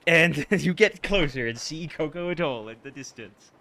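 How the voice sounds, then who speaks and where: A man's voice: a little high, animated, moderate pace, bright, forceful tone, a little hiss or hum. A man narrating as game master for a tabletop game, jokey and laughing often.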